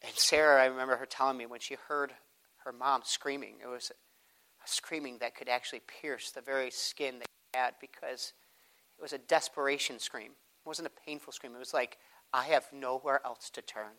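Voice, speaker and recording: A young man preaching from the pulpit. He moves between quiet, close prayer and ringing, high-pitched emphasis. He tells stories in an earnest pastor's cadence. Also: fairly even intonation, a little fast, rough recording. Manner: rises to loud, high preaching, then drops to soft prayerful tones. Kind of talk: sermon.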